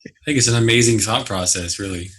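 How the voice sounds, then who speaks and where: A business mentor appears as a guest in a conversational interview, talking casually and acting out his own reactions while telling a story. His voice is husky and fairly bright, pitched fairly low, and he speaks quickly.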